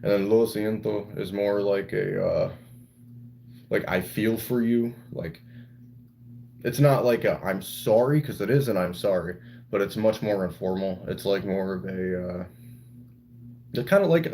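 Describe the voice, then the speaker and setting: Guy on a live stream rambling w chat, kinda low voice, goofs around in bad spanish. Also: lively intonation, moderate pace, creaky, a little mellow, slight background noise, rough recording. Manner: playful, rambling, mixes broken Spanish into English. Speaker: livestreamer reading chat.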